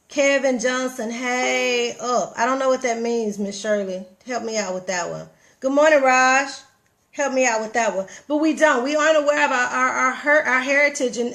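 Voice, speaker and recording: Animated Southern woman preaching to viewers. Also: sits high. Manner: animated, preachy, talks to viewers directly, reads comments aloud. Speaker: vlogger. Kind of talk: casual motivational livestream talk.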